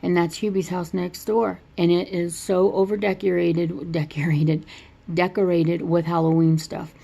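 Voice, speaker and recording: A woman's voice: lowish voice, flat delivery, unhurried, gravelly, dark tone. A woman casually retelling a movie plot in a rambling, chatty way.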